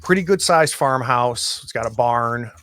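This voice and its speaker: A man runs a tabletop horror game, taking his time and stopping often to restart his thoughts. His pitch sits at a middling level, and his speech is slow and unhurried. The sound is dry and close, with no room around it. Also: lively intonation, bright, forceful tone, no room sound. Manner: slow, hesitant, many ums and restarts. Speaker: game master.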